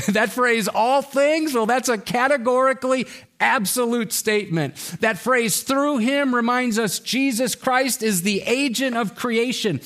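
A man preaching a sermon as pastor, slow and emphatic, with his pitch rising and falling widely for emphasis. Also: fairly bright tone.

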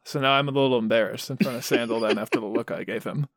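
A man's voice: mid-range voice, fast, fairly bright tone, no echo, studio quality. A man playing a tabletop game character in a playful, self-mocking way. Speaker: player.

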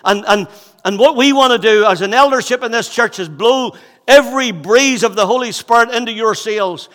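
A man of sixty preaching a sermon as pastor, fervent and repetitive, moving between loud exhortation and hushed intensity. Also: very high voice, normal speed, big-room sound. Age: 60s. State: out of breath. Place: church hall.

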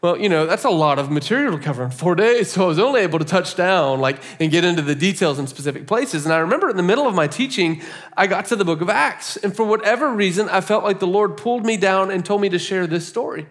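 A pastor preaching a sermon, telling a story in an animated way and laughing often. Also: male voice, high-pitched, quick pace.

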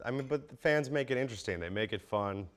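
A man in casual chat as a podcast guest, telling animated, profane stories and jumping into high-pitched quotes. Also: fast. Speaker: podcast guest, baseball player.

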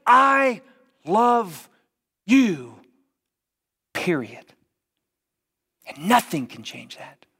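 A man voicing a middle-aged father, firm and measured, dropping low and soft at times. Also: sing-song, vocal fry, husky, full character voice. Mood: tender. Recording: long reverb of a large hall.

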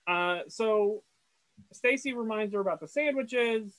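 A man's voice: high voice, unhurried, fairly bright tone, no echo, rough recording. A man co-hosting a casual podcast, recapping a cartoon episode in a rambling, stammering way. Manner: rambling, stammering, self-deprecating. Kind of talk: casual chat.

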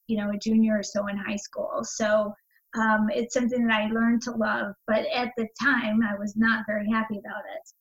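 Higher-voiced woman telling a personal story. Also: fairly bright tone, reverberant, dull audio. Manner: candid, meandering, with many fillers and restarts. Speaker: interview guest.

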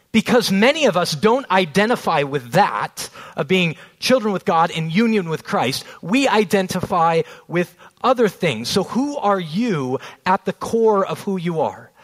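A man in his thirties preaching a sermon, earnest, slowing down on key phrases and telling family stories along the way. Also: sits high, a bit bright, poor audio. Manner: storytelling with family anecdotes. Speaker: pastor.

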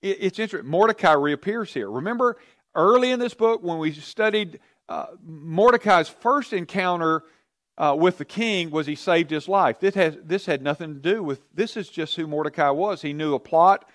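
A man's voice: fairly high pitch, normal speed, a bit bright, dry recording, clean studio sound. A man teaching a Bible study, telling the story with energy and asking his class questions.

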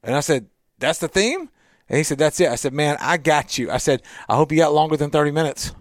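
A man's voice: a little high, expressive, brisk, no room sound. A man co-hosting a radio talk show, chatting casually in a small office studio, laughing often and talking like a preacher.

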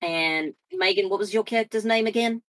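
A woman's voice: medium pitch, a little fast, dry recording. A woman player at a tabletop game, casually recapping everyone's characters.

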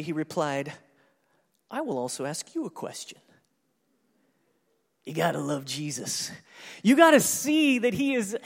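A high-pitched man delivers a sermon with animated energy. He reads scripture and then dramatizes the exchanges, chuckling along the way. His voice rings with the long reverb of a large hall. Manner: animated, acts out scripture dialogue with laughs. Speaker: pastor.

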